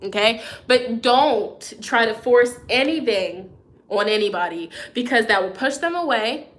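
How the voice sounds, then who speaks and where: Bright, kinda high-voiced woman, chatty tarot reading, keeps saying okay, sniffly nose. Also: animated, a little slow. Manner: encouraging, chatty, frequent "okay?" check-ins; reads out viewer comments. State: runny nose. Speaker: tarot reader. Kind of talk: live tarot forecast reading.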